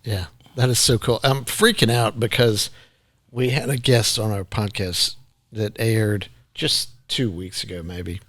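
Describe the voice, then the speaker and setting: A man's voice: fairly low pitch, steady tone, a little slow, a bit bright, no room sound, clean studio sound. Hesitant podcast host man. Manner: rambling, hesitant questions with many fillers. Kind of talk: casual interview questions.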